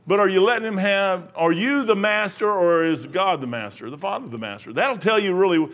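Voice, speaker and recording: A man's voice: high-pitched, lively intonation, brisk, a bit bright. A middle-aged man preaching a sermon, rambling into joking personal asides.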